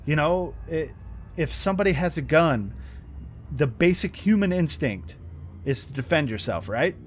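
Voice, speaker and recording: A man's voice: fairly high pitch, lively intonation, normal speed, slight background noise. An American man hosting a gaming channel, giving rambling, frustrated commentary over gameplay with lots of swearing and restarts. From United States.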